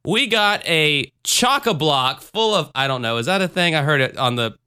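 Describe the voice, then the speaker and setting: A man's voice: a little high, animated, normal speed, pushed and bright, clean tone, no room sound, studio quality. A man hosting a podcast in casual chat, rambling and sarcastic, with profane jokes. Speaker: podcast host.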